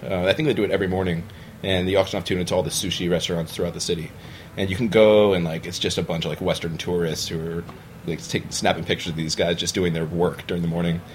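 Low-voiced storyteller, young adult man, animated, mimics the people in his tales, faint hiss behind him. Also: quick pace. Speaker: bar owner, podcast guest. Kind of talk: casual storytelling chat. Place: podcast studio.

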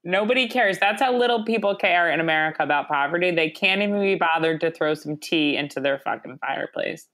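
A woman's voice: lowish voice, fairly quick, hardly any pauses, fairly bright tone. A woman co-hosting a podcast in casual chat, sarcastic and swearing, telling stories with animation. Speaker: podcast co-host.

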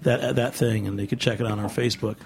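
A man's voice: lowish voice, fairly even intonation, fast, gravelly, a little hiss or hum. A man hosting a radio show in a studio, interviewing guests in an upbeat way.

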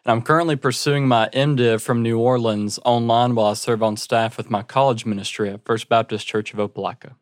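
A man's voice: medium pitch, steady tone, a little fast, few pauses, dry recording. A young man with a Southern US accent speaks in a friendly, easygoing way. The recording is dry and close, with hardly any room sound. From Alabama. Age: 20s. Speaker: intern.

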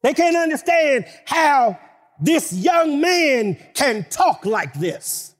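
A man preaching a sermon with emphatic delivery that builds to shouted declarations. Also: extremely high pitch, sing-song, slow. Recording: long hall reverb.

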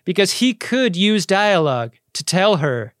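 A man's voice: high voice, big pitch swings, measured pace, a bit bright, no room sound. A man co-hosting a podcast, recapping a TV episode in casual comedic chat with a dry, joking manner. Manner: dry, joking, puts on voices for characters. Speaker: podcast co-host.

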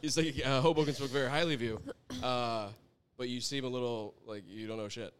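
A man's voice: medium pitch, steady tone, fairly quick, a bit bright, clear, resonant tone. A young adult man, a chef guest, telling a rambling story in a casual interview, laughing often and swearing freely.

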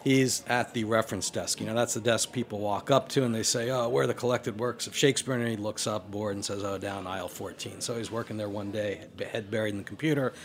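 A man's voice: fairly low pitch, fairly even intonation, quick pace, few pauses. A man, a lawyer appearing as a radio guest, with a dry storytelling manner. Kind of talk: casual talk, telling a joke.

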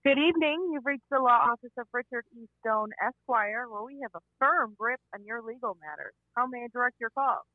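A woman's voice: on the high side, animated, a little fast, few pauses, no echo, lightly acted. A woman playing a formal, polite female secretary at a law office, answering a call. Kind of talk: skit phone call. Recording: tinny phone line.

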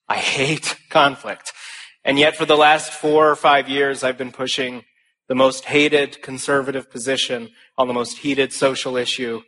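A young man giving a speech to a live audience, telling stories in an animated, self-deprecating way. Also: mid-range voice. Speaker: conference speaker.

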